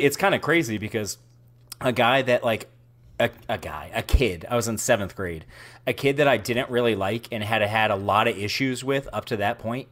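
A man's voice: medium pitch, fairly bright tone. A man co-hosting a podcast in casual banter, telling stories and tossing in "dude". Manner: says dude a lot. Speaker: podcast co-host.

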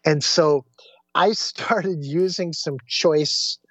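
A man who teaches Vedanta, a guest telling a personal anecdote. He tells it lively, acting out the quoted voices and often restarting his sentences. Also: fairly high pitch, drawn-out words, slightly rough, muffled recording.

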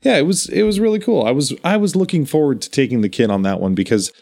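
A man's voice: mid-range voice, lively intonation, fast talker, vocal fry, a little mellow. A man chatting casually as a podcast co-host, telling stories in a meandering, enthusiastic way. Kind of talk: casual chat.

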